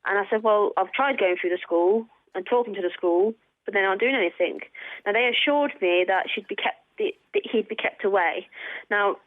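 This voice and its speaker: On a tinny phone line, a medium-pitched female caller to a radio phone-in hesitantly shares her story, clearly upset and repeating herself. No room sound is audible.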